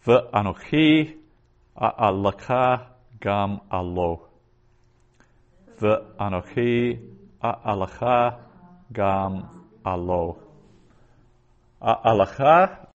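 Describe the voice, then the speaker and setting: A man giving a methodical grammar lecture, pausing to sound out Hebrew phrases slowly. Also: low-pitched. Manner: slow, methodical, reads Hebrew aloud syllable by syllable. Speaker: biblical Hebrew teacher.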